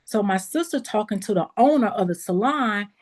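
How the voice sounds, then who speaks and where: A woman who owns a beauty school tells a personal story in a lively, casual way, talking straight to her listeners and acting out what people said. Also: medium pitch, moderate pace. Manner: lively, acts out quoted dialogue in a raised voice; casual, addresses listeners as y'all.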